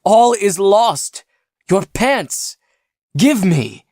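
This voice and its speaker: A woman reads out a panicky young man with a broken leg, crying out orders in a high, strained voice. He wails and bosses his friends around. The audiobook recording is dry and close. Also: very animated, very slow, no echo, full character voice. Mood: frantic. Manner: frantic shouting and wailing. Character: panicky injured young man, dramatic, bossy.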